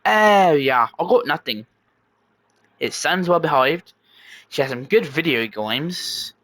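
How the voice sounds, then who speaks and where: A man's voice: a little high, animated, slow, fairly bright tone, dry recording. A man voicing a clueless, upbeat young man who rambles and stammers. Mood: cheerful.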